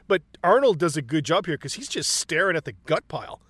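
A man's voice: on the high side, very animated, brisk, a bit bright, slightly rough, no echo. A man casually and profanely retelling movie scenes, acting out the characters' lines.

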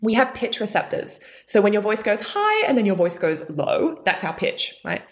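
In a podcast interview, the young woman guest coach talks at a moderate pace, lively and expressive, with pitch shifts used for emphasis.

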